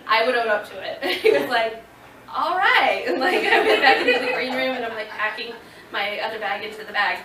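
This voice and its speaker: A woman in her thirties telling a lively story to a convention audience, laughing and acting out what people said. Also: fairly high pitch, fairly quick, a little hiss or hum. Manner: animated, laughing, acting out quotes. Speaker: convention panel guest. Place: convention panel room. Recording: echoey room, voice from far off.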